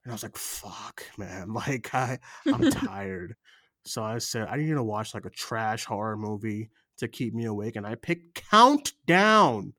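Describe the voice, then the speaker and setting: A man co-hosting a film podcast in casual chat, animated and swearing, acting out movie lines between bursts of laughter. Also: fairly low pitch, moderate pace, hardly any pauses, no echo, clean studio sound. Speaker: podcast co-host.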